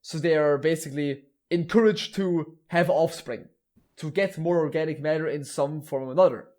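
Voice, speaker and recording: A man's voice: on the high side, moderate pace, darkish tone. A man hosting a podcast, explaining things at length in casual chat, with frequent restarts and blunt wording. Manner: explains at length, with many restarts and some laughing. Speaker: podcast host explaining lore.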